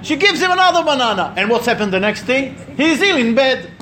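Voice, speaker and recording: A man's voice: very high-pitched, big pitch swings, brisk, pushed and bright, slight background noise. A middle-aged man teaching a religious class in a conversational way, telling stories and asking the listeners questions. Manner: storytelling, asks the listeners questions, acts out voices. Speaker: rabbi or teacher leading a class.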